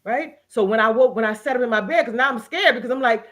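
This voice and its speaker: A woman's voice: fairly high pitch, fast, a bit bright. A woman guest in an interview, telling a personal story earnestly and with feeling, often restarting her sentences. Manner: earnest, emotional testimony with many restarts. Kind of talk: casual interview conversation.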